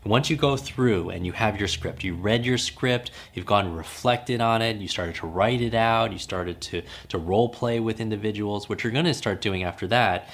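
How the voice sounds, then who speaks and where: A man's voice: on the low side, moderate pace, hardly any pauses, fairly bright tone. A man hosting a podcast as a memory coach, teaching in an emphatic, coaching way and repeating key phrases for effect. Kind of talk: instructional podcast talk.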